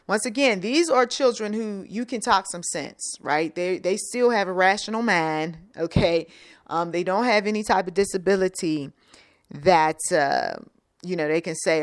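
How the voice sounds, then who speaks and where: A middle-aged woman talks straight to parents in a plainspoken, blunt way and keeps checking in with quick questions. Her voice sits a little low for a woman. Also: fairly bright tone. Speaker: channel host giving advice. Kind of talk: unscripted faith-based advice talk.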